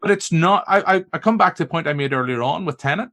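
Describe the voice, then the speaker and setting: A man's voice: on the high side, quick pace. A Northern Irish man hosting a film podcast, chatting casually and bantering playfully with his guests. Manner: animated, playful, stubborn banter. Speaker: podcast host. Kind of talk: casual chat.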